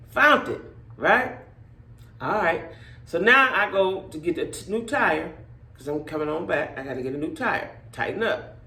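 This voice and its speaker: A middle-aged woman, telling stories to her viewers in a blunt, profane, animated way. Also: lowish voice, echoey room. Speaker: vlogger. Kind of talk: casual storytelling rant to viewers.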